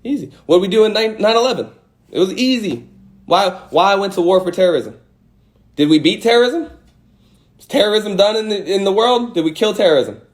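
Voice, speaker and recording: Animated man full of rhetorical questions. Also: high-pitched, fairly quick. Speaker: host of an Instagram live. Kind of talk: casual livestream monologue. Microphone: phone mic.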